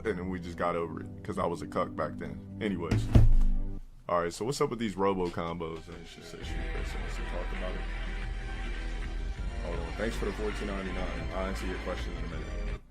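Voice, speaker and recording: A man live-streaming, telling crude stories and giving blunt advice to his chat, often mimicking others in a high, put-on voice. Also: fairly even intonation, fairly quick, loud music behind the voice.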